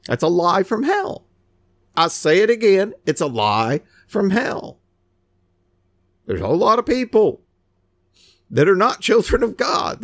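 Animated man preaching a scornful sermon. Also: sits high, no echo. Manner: animated, scornful preaching with mocking quoted voices.

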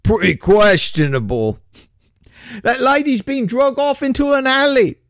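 A man's voice: sits high, steady tone, normal speed, creaky, darkish tone, no room sound, clean studio sound, pitched above the performer's own voice. A man voicing an eager, self-important British police officer, with an exaggerated put-on British accent.

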